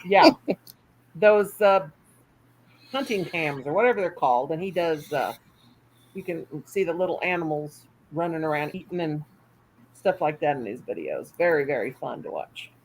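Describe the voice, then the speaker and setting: A woman's voice: sits low, expressive, moderate pace, darkish tone, slight background noise, low-quality recording. An older woman hosting a casual livestream at home, chatty and folksy, reading comments aloud and laughing often. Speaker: livestream host.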